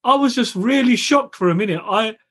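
A man's voice: extremely high pitch, a little fast, fairly bright tone, breathy edge. A man, a property developer, tells an exasperated story in a casual podcast chat.

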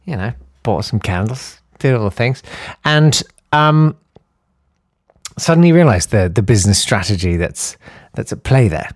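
Rambling comedy podcast host. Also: male voice, medium pitch, expressive, dry recording. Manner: rambling, self-deprecating, halting with fillers. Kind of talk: casual comic monologue.

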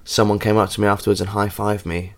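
A man's voice: fairly low pitch, little pitch movement, fast talker. A tired man hosting a podcast, rambling through stories and swearing casually. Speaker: podcast host.

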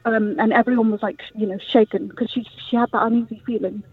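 A man's voice: sits high, steady tone, fast, husky. A man telling a family ghost story on a radio show, rambling with many fillers and restarts, over a tinny phone line. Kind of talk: casual storytelling. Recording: tinny phone-like dry sound.

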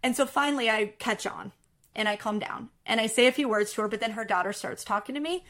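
A woman telling a work story in a casual interview, animated and acting out what people said. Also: on the high side, quick pace. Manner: animated, acts out quotes, laughs while telling. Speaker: production supervisor, guest.

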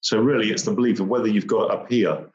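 A man tells a gripping personal story at a rapid clip. His voice sits a little low, and he repeats phrases and acts out key moments. The recording sounds roomy and slightly muffled. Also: fairly even intonation, darkish tone.

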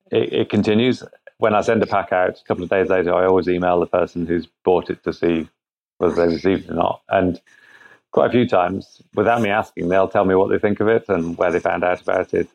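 Brief: man as an interview guest, very low and gravelly, unhurried and halting, heard over muffled remote call audio. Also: a little mellow. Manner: thoughtful, halting, frequent restarts. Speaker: guest, product founder. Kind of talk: conversational interview answers.

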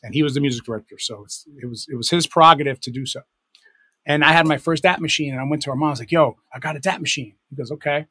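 A man's voice: fairly high pitch, racing, bright, forceful tone, slightly rough, no room sound. A middle-aged man, a DJ and producer, telling rambling, self-correcting stories in a casual interview. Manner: rambling, self-correcting anecdotes with many fillers. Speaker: guest, DJ and producer.

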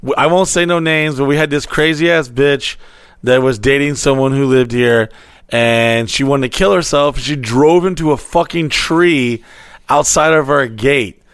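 A man's voice: mid-range voice, unhurried, clean tone, dry recording, studio quality. A man on a podcast telling a wild story in casual, heavily profane chat and acting out the quotes. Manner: animated, swearing freely, acting out quotes.

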